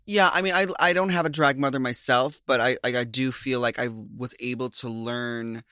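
A man's voice: medium pitch, steady tone, normal speed, pushed and bright, clean tone, dry recording, clean studio sound. A man co-hosting a podcast in casual chat, rambling with lots of fillers and breaking into laughs often. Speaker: podcast co-host.

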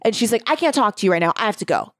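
A woman in casual chat recapping a book, agreeing along and quoting the characters in deep mocking voices. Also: big pitch swings, racing, fairly bright tone, dry recording, studio quality.

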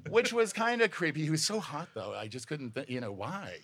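A man's voice: a little high, big pitch swings, a little fast, fairly bright tone, breathy edge. A man from the audience at a live show, telling a story in an amused, self-mocking way.

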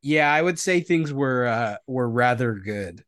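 A man's voice: medium pitch, lively intonation, a little slow, fairly bright tone, no echo. A man with a mid-range voice chats as a radio studio guest, easygoing and wry. He goes along with the host and adds his own dry remarks. The sound is dry and close-miked. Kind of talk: casual studio chat. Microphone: studio microphone.

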